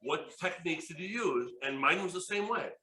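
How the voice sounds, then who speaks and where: Animated, bright-voiced man in his fifties. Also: fairly high pitch, brisk. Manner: excitable, jokey storyteller who laughs often. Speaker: workshop presenter. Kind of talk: lively workshop talk with stories. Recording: echoey room.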